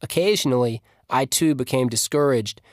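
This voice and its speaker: A man reading a literary story aloud at a measured, reflective pace. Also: medium pitch, no room sound, clean studio sound. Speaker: story reader.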